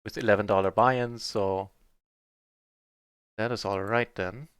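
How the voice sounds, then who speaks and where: Man, poker streamer, muttered live commentary, excited outbursts, dry close mic. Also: on the low side, measured pace, clear, resonant tone, no echo. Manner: chatty, swings from muttering to excited shouting.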